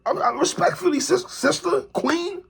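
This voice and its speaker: A man delivering an animated opinion commentary monologue, calling out a TV host and repeatedly tacking on "sister, respectfully.". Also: extremely high pitch, moderate pace, creaky. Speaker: commentary vlogger.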